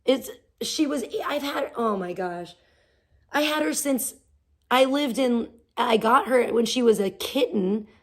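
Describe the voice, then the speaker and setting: A woman's voice: on the high side, unhurried. A woman hosting a livestream, venting casually with profane, sarcastic rants and talking to her chat. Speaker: livestream host.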